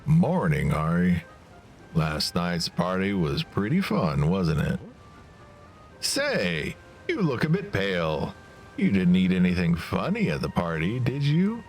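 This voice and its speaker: Man doing a low-voiced brooding companion. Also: huge pitch swings, takes it slowly, soft background music, heavily acted. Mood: friendly.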